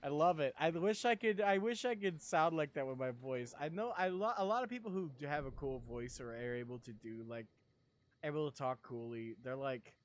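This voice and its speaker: A young man chatting casually on a live stream, rambling and excitable, laughing often and sounding sleepy. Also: a little high, normal speed.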